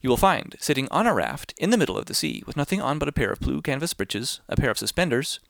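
A man voicing a clever, polite little fish in a storybook reading, speaking in flattering, formal phrases. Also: mid-range voice, fast, vocal fry, dry recording, studio quality, voice pushed up. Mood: instructing. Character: clever small male fish, polite and sly.

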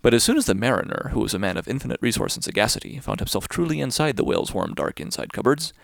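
A man reads a children's story aloud in a playful, singsong way, his voice swooping widely with a gravelly texture. He turns to the listener with little asides. The recording is close and dry. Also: mid-range voice, animated, fast talker, no echo. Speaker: narrator.

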